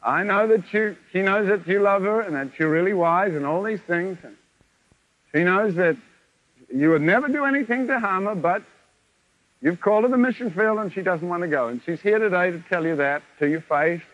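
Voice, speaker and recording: A man's voice: high voice, moderate pace, dry recording. A man preaching at a revival meeting, telling stories and acting out the dialogue with chuckles. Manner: animated, acts out quoted dialogue, chuckles often. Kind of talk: revival sermon with storytelling. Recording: lo-fi 1970s tape of a live meeting.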